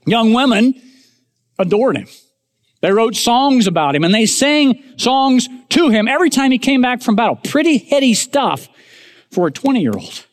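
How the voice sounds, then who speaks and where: A man preaching a sermon as pastor, emphatic, rising to raised declarations and dropping to hushed asides while speaking directly to his congregation. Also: very high voice, sing-song, normal speed. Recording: long hall reverb.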